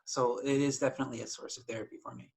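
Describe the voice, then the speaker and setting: A man's voice: mid-range voice, little pitch movement, very fast, a little mellow, slightly rough, poor audio. A man talking candidly as a writer guest in a casual interview, rambling a little with restarts.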